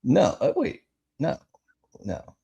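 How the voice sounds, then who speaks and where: A man co-hosting a live podcast, telling stories in a rambling, animated way full of fillers. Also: mid-range voice, slow pace, vocal fry, slightly rough, muffled recording. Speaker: podcast co-host. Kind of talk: casual chat.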